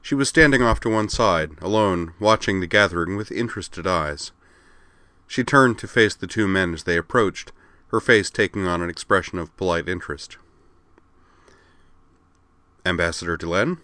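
A man reading a story aloud with steady, expressive narration. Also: deep voice, moderate pace, no echo.

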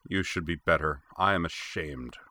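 A man's voice: rumbling low, moderate pace, pushed and bright, no echo. A man voicing a big, stern older male warlord who growls commands at his young student.

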